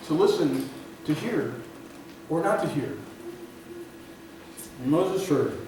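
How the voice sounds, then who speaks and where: A man's voice: fairly high pitch, animated. Fervent preacher man in an echoey hall. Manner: storytelling preacher, swings from loud emphatic peaks to quiet, drawn-out endings. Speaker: pastor. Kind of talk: sermon. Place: church sanctuary. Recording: echoey hall, recorded from far off, audible room noise.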